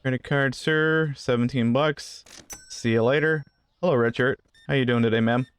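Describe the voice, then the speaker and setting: A man's voice: medium pitch, steady tone, moderate pace, smooth. A man giving casual gameplay commentary, rambling through asides and joking with the customers in the game. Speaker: gaming channel host.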